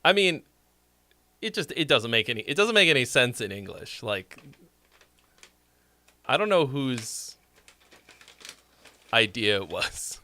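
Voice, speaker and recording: Lively joking male streamer. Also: mid-range voice, takes it slowly, long pauses, dry recording. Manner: swears freely, rambling and jokey. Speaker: streamer and song critic. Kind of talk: casual live-stream chat.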